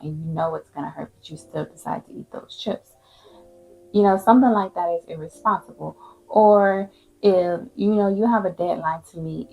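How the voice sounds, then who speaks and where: Lady giving a chatty pep talk, lowish voice, sounds like it's over a phone, soft music behind. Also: gravelly. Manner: conversational, lots of "you know". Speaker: host. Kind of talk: casual motivational talk. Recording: phone-like line with faint music.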